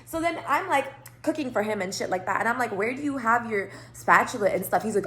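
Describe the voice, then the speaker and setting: A woman's voice: on the high side, quick pace. A woman telling a long, rambling personal story to camera, swearing freely and acting out both sides of the conversation. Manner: rambling, profane, animated retelling. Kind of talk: casual storytime monologue.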